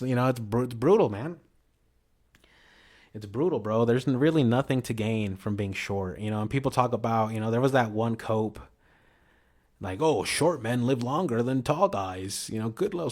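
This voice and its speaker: A man's voice: medium pitch, darkish tone. A man vlogging in a rambling casual monologue, slangy and full of restarts and "you know".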